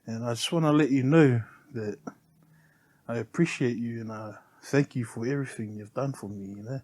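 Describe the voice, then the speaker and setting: A middle-aged man, a podcast guest telling heartfelt personal stories in a soft, unhurried way and often laughing. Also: medium pitch, no room sound. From New Zealand. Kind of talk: casual chat, personal storytelling.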